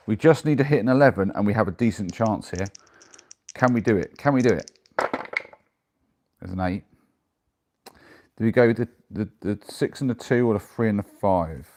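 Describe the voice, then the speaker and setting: A man's voice: fairly low pitch, normal speed, long pauses, a little mellow. A man chatting casually on a live stream and answering viewer messages as they come in. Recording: noisy with clicks.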